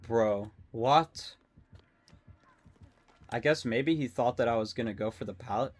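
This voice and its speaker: A young adult man streaming a game, rambling and excitable, swearing often and talking to his chat. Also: mid-range voice, a little slow. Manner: talks to chat. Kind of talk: casual live-stream commentary while gaming.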